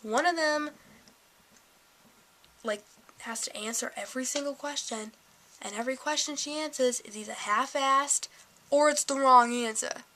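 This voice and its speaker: A woman's voice: sits high, normal speed, long pauses, pushed and bright, a little hiss or hum, rough recording. An eighteen-year-old woman vlogging, ranting sarcastically and swearing freely about her day. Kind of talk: casual ranting vlog.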